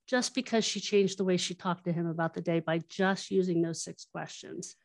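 A woman guest, a workshop trainer, explaining her methods and telling stories, acting out quoted lines in an animated way. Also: lowish voice, normal speed. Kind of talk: explanatory interview talk.

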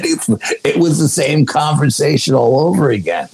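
A man telling a story in casual talk, animated and swearing freely, acting out the dialogue. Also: fairly high pitch, normal speed, creaky, slightly rough, rough recording. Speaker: guest, paranormal investigator.

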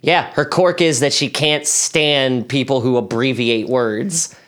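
A man's voice: medium pitch, a little slow, fairly bright tone. A man co-hosting a podcast, trading wry, profane quips in casual banter. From Maryland. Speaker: podcast co-host.

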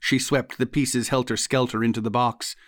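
A man narrating a literary ghost story in the first person, measured and deliberate. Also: mid-range voice, level tone, fairly bright tone, dry recording, studio quality. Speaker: audiobook narrator.

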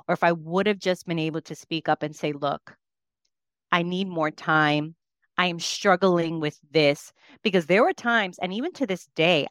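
A woman in her thirties talks in a podcast conversation with a somewhat low voice. She tells her stories earnestly and with plain emotion. The sound is dry and close, with little room around it. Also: fairly bright tone, no room sound. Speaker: podcast guest.

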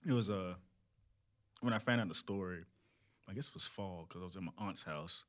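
Male podcast co-host, lower voice, quick and bright, rambling anecdotes. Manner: rambling storyteller, laughs often. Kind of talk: casual podcast chat.

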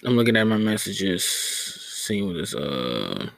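A man's voice: lowish voice, very animated, takes it slowly, vocal fry, a bit bright, no room sound. A young man hosting a podcast, rambling casually and profanely, often stumbling over his words. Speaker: podcast host.

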